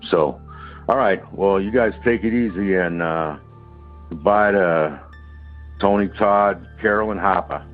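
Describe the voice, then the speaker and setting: A man calling in to a podcast, telling a ghost story in a rambling, halting way with many restarts and fillers. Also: sits low, phone-quality sound, soft background music. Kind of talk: casual phone-in storytelling.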